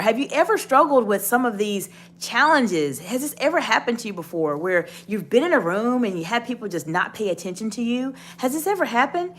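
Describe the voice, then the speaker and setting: In a direct-to-camera leadership lesson, a woman offers encouraging, instructive coaching in a mid-range, fairly bright voice. A little hiss or hum can be heard.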